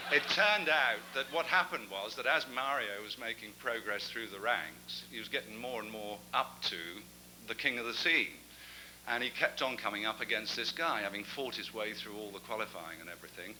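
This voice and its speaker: A man's voice: medium pitch, normal speed, pushed and bright, a little hiss or hum, low-quality recording. A man giving an after-dinner talk as guest speaker, a chatty storyteller with self-deprecating asides. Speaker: guest speaker at a club gathering.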